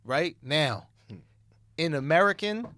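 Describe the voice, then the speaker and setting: A man in his thirties telling a long story on a podcast, animated and laughing, jumping between low asides and high excited bursts. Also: slow pace, dry recording. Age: 30s. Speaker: podcast co-host.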